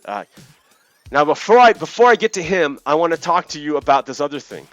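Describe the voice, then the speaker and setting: A man hosting a casual commentary vlog, talking in an animated way and often checking in with "right?". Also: on the high side, normal speed, soft background music. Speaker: vlog host.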